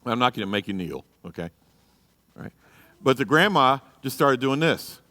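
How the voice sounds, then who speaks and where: A man pastor teaches a live marriage class in a church, blunt and exhorting as he presses the men in the room. His voice sits at an ordinary middle pitch. He peppers his talk with "you know" and "okay?". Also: big pitch swings, moderate pace, sharp tone, in a large hall. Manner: acts out quoted people in a raised voice.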